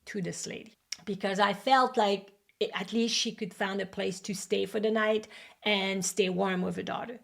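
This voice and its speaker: A woman's voice: medium pitch, vocal fry. A woman acupuncture educator telling a personal story in a lesson video, acting out the voices of the people in it. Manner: animated, acts out quoted voices.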